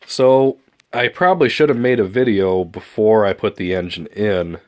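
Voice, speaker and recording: A man with a deep, low voice, clogged up and nasal from a stuffy nose. He talks through his hobby build in a loose, rambling way, full of fillers. It sounds like a casual vlog update. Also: moderate pace. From Michigan. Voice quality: nasal, congested. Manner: relaxed, rambling explanation with fillers. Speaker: model airplane builder.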